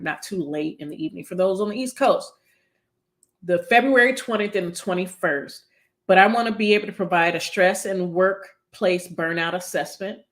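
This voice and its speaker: Woman psychologist, casual live-stream talk, slightly low voice, chatty and encouraging. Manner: chatty and long-winded, with many fillers.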